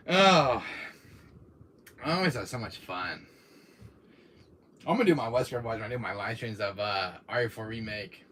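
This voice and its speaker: A man's voice: fairly low pitch, animated, measured pace, long pauses, pushed and bright, a little hiss or hum. A man hosting a gaming channel, chatting casually and animatedly about video games and laughing often.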